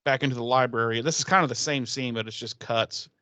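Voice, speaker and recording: A man's voice: medium pitch, fast, bright, forceful tone, clean tone, dry recording. A man co-hosting a podcast, casually talking through an episode's scenes. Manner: loose and conversational, with fillers. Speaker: podcast co-host.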